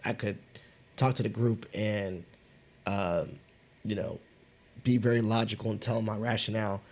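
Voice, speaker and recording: A man's voice: on the low side, steady tone, unhurried, a little mellow. A man hosting a podcast, thinking aloud in casual conversation with many restarts. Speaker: podcast host.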